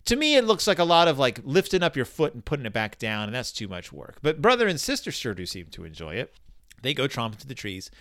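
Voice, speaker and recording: A man riffing through a comedic book commentary, with a lively voice that swings high and low. His tone is bright and sharp, and his jokes keep spinning off into sarcastic tangents. The sound is dry and close. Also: quick pace, no echo. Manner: joking, rambling tangents; sarcastic, animated.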